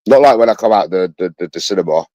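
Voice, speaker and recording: Low-voiced bitter London man ranting. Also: animated, fast talker, warm tone, dry recording, poor audio. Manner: bitter, repetitive, swears often. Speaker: livestreamer talking to his chat. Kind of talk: rambling livestream monologue.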